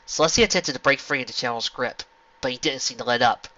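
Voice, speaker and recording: A man's voice: mid-range voice, fast, no echo. Man reading a fan story aloud. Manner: expressive narration. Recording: lo-fi home recording.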